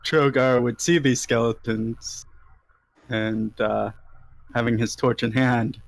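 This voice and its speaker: A man's voice: mid-range voice, steady tone, slow pace, gravelly, slight background noise. A man playing a tabletop game, describing his character's moves in a hesitant, matter-of-fact way. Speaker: player. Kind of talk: casual tabletop play.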